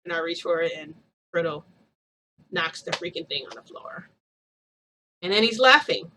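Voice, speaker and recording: A woman's voice: on the low side, animated, moderate pace, noisy background. A woman telling a long personal story in casual vlog style, rambling with lots of fillers and frequent laughs. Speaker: vlogger.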